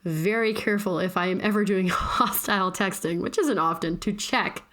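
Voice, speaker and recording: A woman's voice: medium pitch, normal speed, fairly bright tone. A woman in her thirties co-hosting a podcast, telling a story in a casual chat and acting out the texts she quotes. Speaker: podcast co-host.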